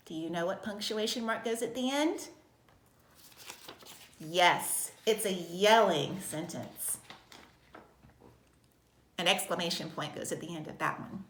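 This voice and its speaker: A woman teaching a recorded kindergarten lesson in a slow, sing-song voice with exaggerated expression. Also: on the low side, echoey room, a little hiss or hum. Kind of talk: recorded video lesson for young children.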